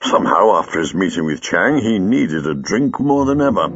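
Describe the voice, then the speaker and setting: A man reading a story aloud in a measured storytelling manner. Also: sits low, big pitch swings, highs cut off. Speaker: audiobook reader. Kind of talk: scripted narration.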